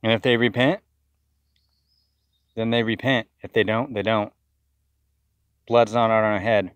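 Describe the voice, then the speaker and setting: A man's voice: on the low side, fairly even intonation, a little slow, clean tone, no echo. A man giving a fiery, accusatory video sermon, often repeating words as he rants. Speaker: self-styled preacher. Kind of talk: impassioned video sermon rant.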